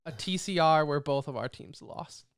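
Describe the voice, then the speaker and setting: A man co-hosting a casual esports podcast, talking in an animated, rambling way and laughing often. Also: on the high side, normal speed. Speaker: podcast co-host.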